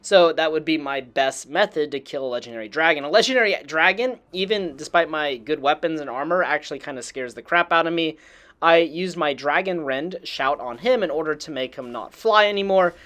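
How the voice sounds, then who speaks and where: An enthusiastic host talks through a game walkthrough in a casual voice-over, dropping mild slang along the way. The pitch swings in a lively, animated way while the tone stays relaxed and chatty. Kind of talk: casual gameplay voice-over narration.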